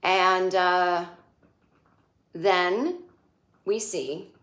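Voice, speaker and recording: A woman hosting a casual solo recap, chatty and sarcastic, acting out quick bits of dialogue as she goes. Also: fairly low pitch, a bit bright, echoey room. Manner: chatty, sarcastic, acts out characters' lines in quick impressions. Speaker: podcast host recapping a TV episode.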